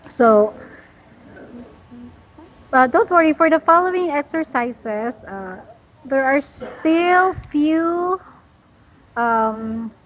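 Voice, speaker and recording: A woman teaching an English lesson, talking slowly and patiently with many fillers. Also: sits high, lo-fi sound, slight background noise.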